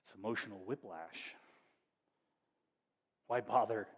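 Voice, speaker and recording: A man preaching a sermon as pastor, talking in a conversational, wry way that moves between hushed storytelling and animated bursts. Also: fairly low pitch, takes it slowly, in a large hall. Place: church hall.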